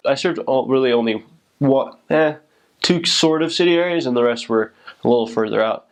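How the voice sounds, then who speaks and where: Young man of average pitch who rambles and corrects himself mid-sentence, recounting his mission casually. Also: normal speed. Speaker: returned missionary. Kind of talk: casual recollection.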